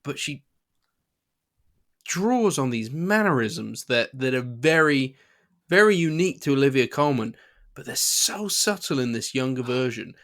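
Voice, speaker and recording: A man's voice: medium pitch, expressive, unhurried, fairly bright tone. A man co-hosting a casual film podcast, asking curious questions and teasing his co-host with dry humor.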